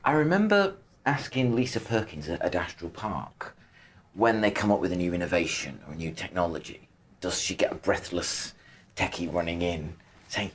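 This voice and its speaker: A man with a fairly low voice hosts a podcast interview. He asks his questions in an animated, chatty way and reacts with enthusiasm. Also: normal speed. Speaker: podcast host.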